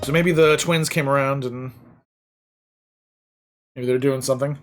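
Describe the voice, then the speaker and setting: A man's voice: mid-range voice, fairly even intonation, a little slow, soft background music. A man casually commenting and joking while playing a story video game. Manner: chatty, joking, reading game text aloud. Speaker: let's play host.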